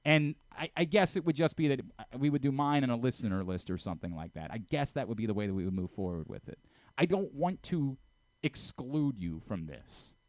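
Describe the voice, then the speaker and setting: Exasperated, lecturing sports radio host. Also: male voice, mid-range voice, animated, brisk, no echo. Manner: exasperated, lecturing, stammering restarts. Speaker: radio host and programming director. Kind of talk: heated sports radio argument.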